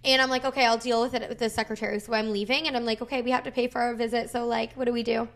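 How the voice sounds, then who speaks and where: A woman in her thirties tells a story in loose podcast chat. She acts out every quote in an animated way, with big swings in her voice, and swears freely. Her voice sits a little high. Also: very fast. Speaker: podcast co-host. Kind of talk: casual chat.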